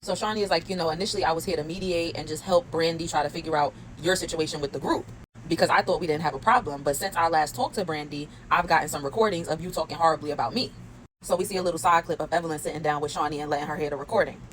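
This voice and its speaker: A woman's voice: deep voice, racing, poor audio. A woman hosting a casual reality TV recap, chatty and laughing as she retells cast members' lines.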